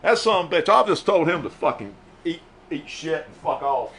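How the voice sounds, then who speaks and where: A man's voice: a little high, big pitch swings, moderate pace, a bit bright. A man playing a brash, profane music manager, rambling and boasting in an improvised comedy bit. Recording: echoey room.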